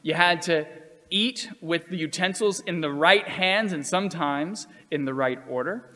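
A man's voice: a little high, sharp tone. Earnest male storyteller in a reverberant hall. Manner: earnest, measured storytelling with acted quotes. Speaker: speaker telling personal stories. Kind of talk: storytelling talk.

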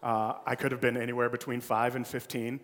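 A man's voice: mid-range voice, level tone, a little fast, a bit bright. A male pastor preaching a sermon, telling a childhood story with a playful, joking manner. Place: church sanctuary. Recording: long church hall reverb.

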